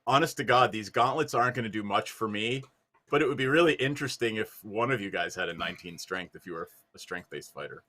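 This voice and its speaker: A man's voice: lowish voice, quick pace. A man playing a tabletop game, talking candidly about his fighter character. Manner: lively, candid in-game talk. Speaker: player. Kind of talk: casual tabletop game talk.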